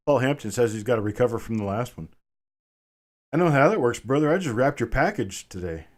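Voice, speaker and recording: A man's voice: medium pitch, lively intonation, moderate pace. A middle-aged man hosting a live coin auction stream, casually chatting with viewers and answering their comments by name. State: a bit winded.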